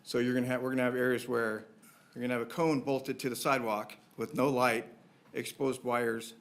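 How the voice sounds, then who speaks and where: A man's voice: medium pitch, little pitch movement, fairly quick. Earnest city staff man explaining. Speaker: city division manager. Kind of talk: staff briefing at council meeting.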